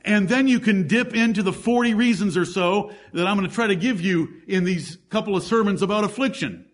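A man's voice: sits high, a little fast. A man preaching a sermon as pastor, emphatic, with rhetorical questions and lists of scripture examples.

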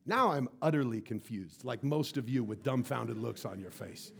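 A male pastor preaching to his congregation, telling a story in an animated way and often stumbling over repeated words. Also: medium pitch, moderate pace, creaky, husky. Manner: animated, stammering repetitions. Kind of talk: sermon storytelling.

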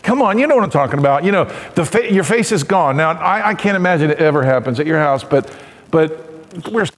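A middle-aged man preaching a sermon as pastor, animated and acting out voices and cries. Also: a little high, brisk. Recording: long hall reverb.

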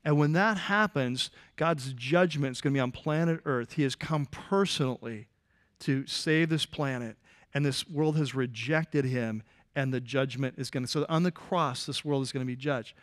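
A man preaching a sermon, talking in a conversational, animated way and joking with the congregation in the front row. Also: mid-range voice, normal speed. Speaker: pastor.

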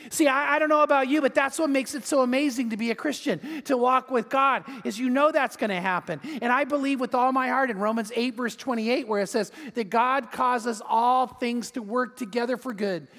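A male pastor preaches with animated storytelling and often doubles up his words. His voice sits very high for a man. The long reverb of a large hall follows every phrase. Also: normal speed, few pauses. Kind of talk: sermon.

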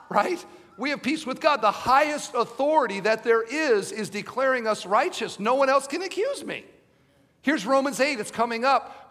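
A man's voice: extremely high pitch, a bit bright. A middle-aged male pastor preaching a sermon, emphatic and driving his point home with repeated rhetorical questions. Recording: long hall reverb.

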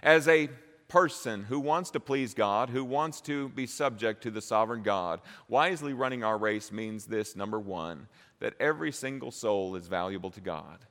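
Man preaching in a reverberant hall. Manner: dynamic, swings from low and slow to loud and high. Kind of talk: sermon.

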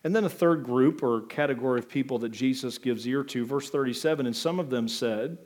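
A man's voice: medium pitch, fairly quick, darkish tone. Man preaching a conversational sermon. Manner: conversational preaching with asides and emphatic rises. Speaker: pastor.

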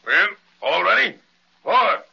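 Swaggering pirate first mate, sharp bright voice, highish, hissy dull radio sound. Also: male voice, big pitch swings, unhurried, creaky, breathy edge, full character voice. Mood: commanding. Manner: boisterous, barking orders. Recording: dull old radio recording with hiss.

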